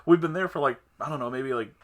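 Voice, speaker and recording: A podcast host with a fast, mid-range voice tells an animated story in a casual chat, acting out other people's lines and often breaking into laughter.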